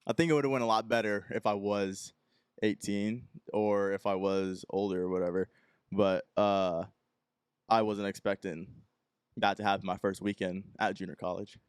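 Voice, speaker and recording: Low, smooth young man telling a story. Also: flat delivery, moderate pace, dry recording, clean studio sound. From Texas. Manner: rambling anecdote, acting out the people he quotes. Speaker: podcast host. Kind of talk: casual solo podcast storytelling.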